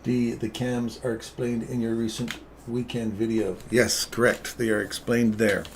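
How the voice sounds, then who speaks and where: A man hosting a live trading stream, giving playful, teasing commentary with a gravelly voice. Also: medium pitch, a little slow, slight background noise. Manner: playful, teasing, excitable calls.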